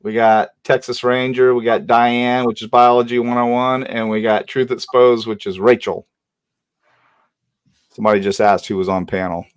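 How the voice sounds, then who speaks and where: A man hosting a panel livestream, telling a story in a casual way and acting out the shouted lines of others in a raised voice. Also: medium pitch, moderate pace, clear, resonant tone, dry recording. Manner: animated, acts out shouted quotes in a raised voice. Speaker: host.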